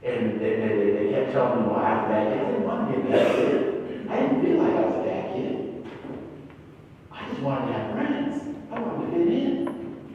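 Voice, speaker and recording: A man's voice: medium pitch, wildly swooping pitch, moderate pace, pauses often. A man in his fifties giving a keynote speech, telling personal stories in a conversational way and often restarting words. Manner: conversational, repeats words when starting. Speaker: keynote speaker. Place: large conference hall. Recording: echoey hall, distant, dull.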